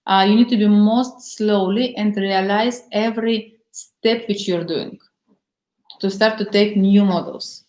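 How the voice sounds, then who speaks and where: A woman's voice: medium pitch, steady tone, unhurried, a little mellow. Female relationship coach, non-native English with plain grammar, earnest storyteller, roomy echoey recording. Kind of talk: coaching session with guided exercise. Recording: roomy echo.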